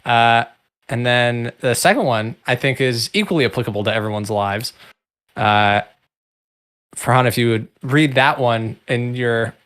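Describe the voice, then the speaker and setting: A young man co-hosting a casual livestream, joking in a dry, deadpan way. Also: mid-range voice, clean tone. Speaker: co-host.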